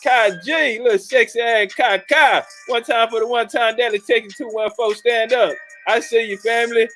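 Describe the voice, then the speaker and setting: A man with a strikingly high voice hosts a casual livestream. He talks loud, profane and hyped up, firing off shout-outs and jokes at his chat. Faint music plays behind him. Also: steady tone, moderate pace, low-quality recording. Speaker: livestream host.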